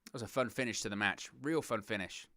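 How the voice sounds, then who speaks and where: A young man from southern England with a southern English accent, hosting a wrestling watch-along with excitable play-by-play commentary. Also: on the low side, quick pace, dry recording, studio quality. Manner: excitable play-by-play, giggles at puns, reads chat.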